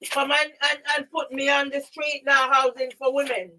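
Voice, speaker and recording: A woman with a high voice rants to camera in an upset, agitated monologue. She swears constantly and keeps throwing out a challenging "yeah?". Her voice sounds emotional and near tears. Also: little pitch movement, moderate pace, sharp tone, slight background noise, poor audio. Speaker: vlogger. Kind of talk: angry personal monologue to camera.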